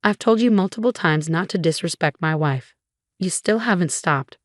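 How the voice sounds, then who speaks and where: A woman voicing an angry grown son in a storybook reading, standing up for his wife in an even, flat delivery. The voice sits fairly low, and the sound is dry and close. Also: moderate pace, dry recording, lightly acted.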